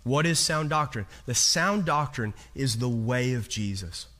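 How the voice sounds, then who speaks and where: A man pastor preaching a sermon to a congregation, animated, with rhetorical questions and humor. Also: mid-range voice, a little slow.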